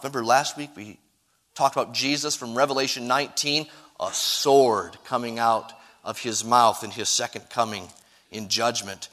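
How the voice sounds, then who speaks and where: A man preaching a sermon to his congregation, swinging between emphatic rises and hushed drops. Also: mid-range voice, steady tone, normal speed. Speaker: pastor.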